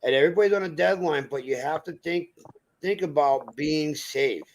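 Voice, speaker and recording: A man's voice: on the high side, moderate pace, poor audio. A middle-aged man hosting a casual livestream, talking in a plainspoken, folksy way. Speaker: livestream host.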